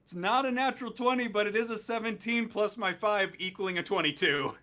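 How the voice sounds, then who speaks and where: A man's voice: sits high, brisk, pushed and bright. A man playing a tabletop game in character, sarcastic and mock-grand. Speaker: player.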